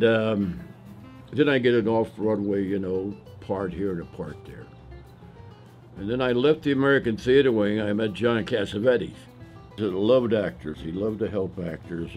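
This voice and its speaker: An older actor from the South with a New York accent, telling stories from his career in a loose, rambling way with many pauses. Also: lowish voice, warm tone. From Southern US, Tennessee. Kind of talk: reminiscing interview monologue.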